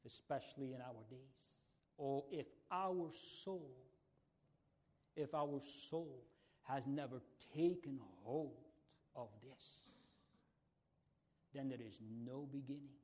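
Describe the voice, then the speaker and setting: A man's voice: fairly high pitch, dark tone. A man preaching a fervent sermon to a congregation, building to emphatic raised passages and repeating key phrases. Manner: fervent preaching with rising emphatic outbursts and repetitions.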